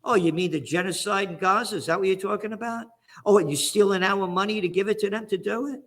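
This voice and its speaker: Fired-up New York-accented guest, slightly high-pitched, ranting. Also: male voice, fast, fairly bright tone. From the Bronx, New York. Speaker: guest commentator. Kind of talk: heated political commentary.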